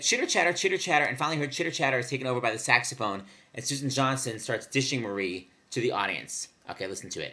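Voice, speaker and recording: A man hosting casual music commentary, gushing and excitable about old show tunes. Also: medium pitch. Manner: gushing, excitable, sings along. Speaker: host.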